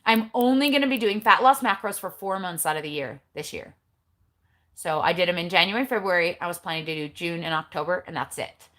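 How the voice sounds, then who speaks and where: A woman's voice: lowish voice, a little fast, fairly bright tone. Chatty, blunt middle-aged woman vlogger. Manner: chatty, blunt, eye-rolling asides. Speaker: keto vlogger. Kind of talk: casual livestream chat. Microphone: phone.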